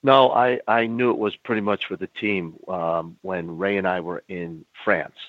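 Older man, very low voice, blunt, swears, re-enacts dialogue, dry thin phone sound. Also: steady tone, no echo, narrow, tinny audio. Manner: blunt, swears, acts out dialogue in quick back-and-forth. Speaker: guest, former pro wrestler. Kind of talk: candid storytelling in an interview.

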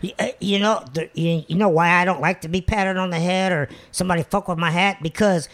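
A man's voice: high voice, steady tone, a little fast, a bit bright. A man in his fifties, a guest telling crude stories in a casual chat, swearing a lot and laughing at his own tales. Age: 50s.

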